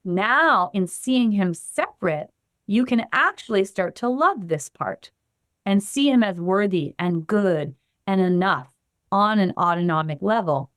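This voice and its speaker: Expressive woman explaining to a host. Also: medium pitch, unhurried, no room sound, clean studio sound. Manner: animated, acts out the quotes she gives. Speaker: guest, somatic trauma practitioner. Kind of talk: explanatory podcast conversation.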